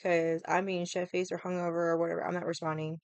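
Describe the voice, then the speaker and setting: A woman's voice: lowish voice, flat delivery, fast, smooth, no room sound. A young woman hosting a casual livestream, ranting in a sassy, profane, rambling way and greeting viewers. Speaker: livestream host.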